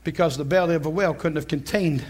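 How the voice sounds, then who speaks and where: A male preacher delivering a sermon in an animated, folksy manner, laughing often. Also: a little high, fast talker, slightly rough.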